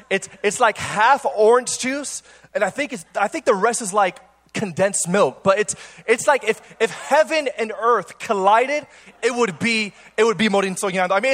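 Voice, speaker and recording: A young adult man, a pastor, telling a playful story in a sermon to a church congregation, energetic and full of quick restarts. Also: sits high. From Cuban. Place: church auditorium before a congregation.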